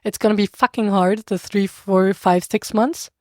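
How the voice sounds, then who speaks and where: A woman speaks English with a French accent in a relaxed podcast chat, her voice sitting in a middle range. She talks animatedly, stopping to hunt for words before pushing on. The recording is dry and close, with no room sound. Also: mid-range voice, normal speed, no echo. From France. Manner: animated, searching for words, laughs often. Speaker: podcast guest. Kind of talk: casual conversation.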